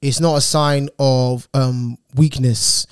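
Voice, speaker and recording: A man's voice: mid-range voice, fairly even intonation, slow, smooth, dry recording, clean studio sound. A man co-hosting a podcast, speaking in a reflective, supportive way. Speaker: podcast co-host. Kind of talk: casual podcast chat.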